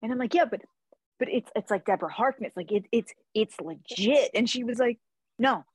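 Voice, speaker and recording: A woman's voice: on the high side, animated, moderate pace, slightly rough, no echo. A woman author chatting casually, telling a story about herself and acting out the dialogue. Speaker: author guest. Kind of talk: casual chat.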